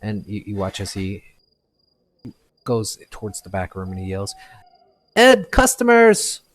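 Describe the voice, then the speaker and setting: A game master with a very low, darkish voice runs a tabletop game, describing scenes with little pitch movement. His delivery is loose, unscripted and halting, full of fillers and restarts, with faint background noise.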